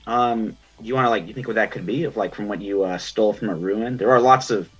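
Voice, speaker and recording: A man running a tabletop game as game master, narrating the scene in a relaxed, descriptive, chatty way. The audio is dull and lo-fi. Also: lowish voice, fairly quick, husky, faint music behind.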